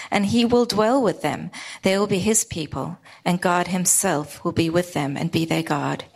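Low, gravelly woman reading scripture. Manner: measured, formal reading. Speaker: scripture reader.

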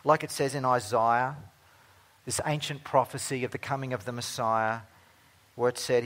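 A man preaching a sermon as pastor, earnest, moving between emphatic stretches and hushed ones. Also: mid-range voice, fairly even intonation, moderate pace.

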